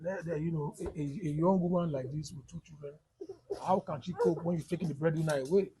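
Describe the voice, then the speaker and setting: A man's voice: on the high side, fast, background noise. A man with a Nigerian accent, a human rights activist giving a firm statement in the field.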